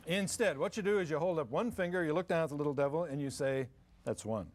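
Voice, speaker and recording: An older man gives a humorous live parenting seminar, folksy and joking, acting out both parents and kids for the audience. His voice is fairly high and he talks quickly.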